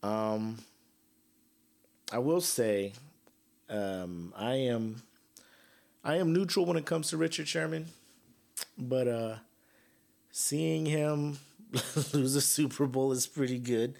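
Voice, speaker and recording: A man's voice: medium pitch, slow, creaky, pauses often. A young man hosting a podcast, ranting casually with slang, swearing and sarcasm. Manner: profane, animated, sarcastic, slangy. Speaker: podcast host.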